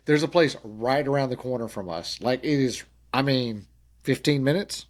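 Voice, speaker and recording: A man's voice: medium pitch, normal speed. A middle-aged man, talking casually on a podcast with a rambling, restarting manner. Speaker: podcast co-host. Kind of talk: casual chat.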